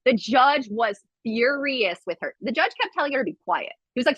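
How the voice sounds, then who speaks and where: A woman on a podcast, talking fast and loose and acting out the people she quotes. Her voice sits a bit high and swings widely in pitch. The sound is dry and close. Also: slightly rough, no room sound, dull audio. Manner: animated storytelling, acts out quotes; swears freely. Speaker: podcast guest. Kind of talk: casual podcast chat.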